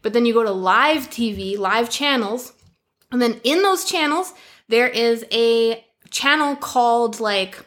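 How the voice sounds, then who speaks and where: Young Canadian woman co-host, loose, chatty, swears and laughs a lot, slightly high pitch. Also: lively intonation, unhurried, a bit bright. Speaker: podcast co-host. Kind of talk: casual chat.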